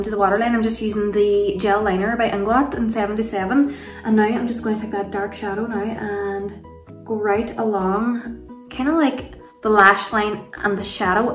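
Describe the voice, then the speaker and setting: A woman's voice: mid-range voice, fairly even intonation, moderate pace, a bit bright, faint music behind. A young Irish woman chatting through a makeup tutorial at home, rambling and gushing about products with frequent laughs. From Ireland. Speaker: beauty vlogger. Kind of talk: casual makeup tutorial and Q&A chat. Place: home room, kids nearby. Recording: roomy sound from a distance.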